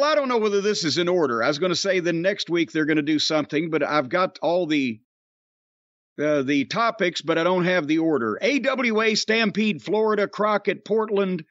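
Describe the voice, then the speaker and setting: A man hosting a podcast, gruff and profane, trading wisecracks in casual banter. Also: high voice, a bit bright, no room sound. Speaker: podcast host. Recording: dry, dull lo-fi sound.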